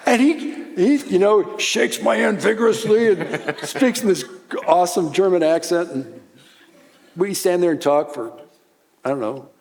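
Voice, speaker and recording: An older man telling a warm story at a conference seminar, chuckling as he goes. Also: high-pitched, lively intonation, measured pace, gravelly, pauses often. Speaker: speaker. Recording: long hall reverb.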